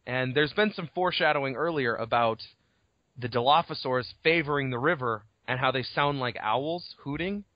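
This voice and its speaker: Animated, swearing man on a lo-fi podcast. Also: medium pitch, moderate pace, no room sound. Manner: animated, swears freely, acts out scenes. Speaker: podcast co-host. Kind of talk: casual book discussion. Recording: dull lo-fi podcast audio.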